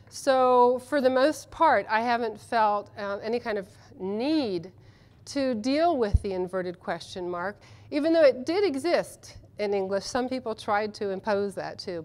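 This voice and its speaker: A woman who translates literature, speaking at a conference panel in a chatty, enthusiastic way with many ums and restarts. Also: medium pitch. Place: conference session room.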